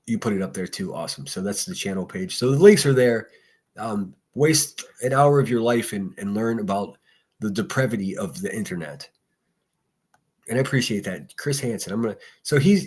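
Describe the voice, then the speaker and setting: A lowish, husky male voice talks loosely into a desk mic on a solo morning stream. He rambles, swears freely and reacts to viewer comments with blunt opinions. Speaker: livestream host. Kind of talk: casual solo commentary reading chat.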